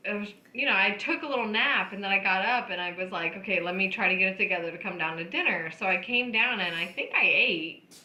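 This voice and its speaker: A woman's voice: mid-range voice, quick pace, pushed and bright, highs cut off. A woman co-hosting a podcast, chiming in with laughter during a casual chat. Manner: laughing, chiming in on a shared story. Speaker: podcast co-host. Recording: roomy echo, faint background noise.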